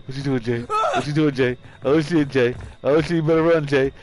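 A man streaming a game live, giving loud, excitable, profane commentary and taunting the enemy. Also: medium pitch, fairly quick.

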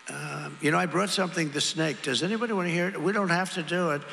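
An older man delivers a rambling campaign speech, repeating his lines and riffing with the crowd. His voice is bright and gravelly. A long reverb and a crowd with a low hum fill the background. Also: quick pace. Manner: rambling, repetitive, ad-libbing to the crowd. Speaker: politician at a campaign rally. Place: large arena rally.

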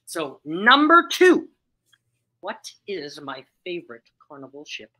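A woman's voice, lowish in pitch yet bright and ringing, hosting a live stream quiz. She swings up and down a lot as she talks. She is chatty and upbeat, breaking into laughs as she reads viewers' answers. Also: sing-song, slow pace, low-quality recording. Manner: chatty, upbeat, laughs often while reading chat replies. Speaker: livestream host running a trivia game. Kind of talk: casual live-stream chat.

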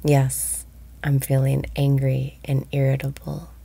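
A woman guiding a meditation, speaking slowly and softly, often breathy and whispered. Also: rumbling low, completely flat delivery. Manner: slow, soft-spoken, often breathy and whispered. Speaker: meditation guide. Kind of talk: guided meditation.

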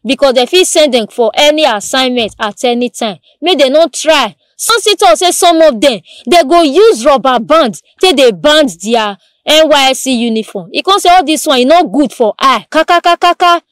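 A woman news presenter speaking with a Nigerian Pidgin accent, telling the day's stories in a lively, repetitive storytelling way with exclamations. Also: high voice, moderate pace, hardly any pauses, dry recording, clean studio sound. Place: studio.

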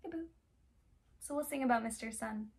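A young woman teaching a music class for toddlers, speaking gently and playfully and asking the little ones lots of questions. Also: on the high side, fairly quick. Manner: gentle, playful, talks straight to small children with many questions.

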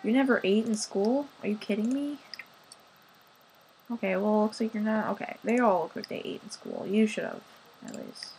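A young woman running a gaming channel chats playfully about her life-sim gameplay, sighing over moments in the game. Her medium-pitched voice is creaky and darkish at normal speed, on a poor recording with slight background noise.

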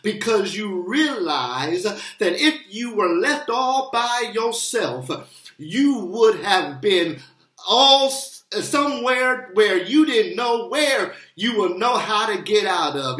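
A pastor preaching a sermon in a slow, emphatic style, with appeals that build and rise. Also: mid-range voice, lively intonation, fairly bright tone. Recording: roomy echo.

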